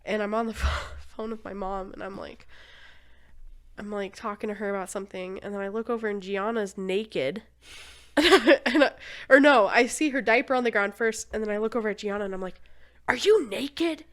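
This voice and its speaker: A woman's voice: medium pitch, steady tone, moderate pace, fairly bright tone. A young woman hosting a podcast, telling a story in casual chat, laughing often. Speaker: podcast host.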